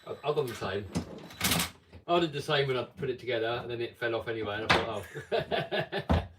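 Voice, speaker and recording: A man's voice: mid-range voice, fast talker, recorded from a distance, very noisy. A man hosting a casual live stream, chatting and reading viewer comments aloud.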